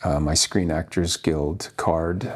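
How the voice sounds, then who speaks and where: A man in his fifties from Washington State, an actor guest recounting his life in an earnest, halting way with many pauses. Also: deep voice, steady tone, slightly rough. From Washington State, USA. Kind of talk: reflective interview storytelling.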